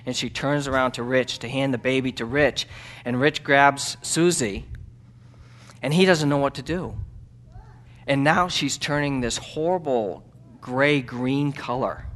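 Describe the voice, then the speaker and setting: A male missionary with a medium-pitched voice shares a story in a sermon in a church sanctuary. What begins as hesitant speech, marked by ums and false starts, swells into loud, impassioned preaching.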